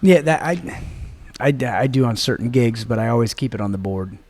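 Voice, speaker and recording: A man's voice: mid-range voice, animated, brisk, a little mellow. A man hosting a casual podcast chat, joking and laughing often. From United States. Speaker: podcast host.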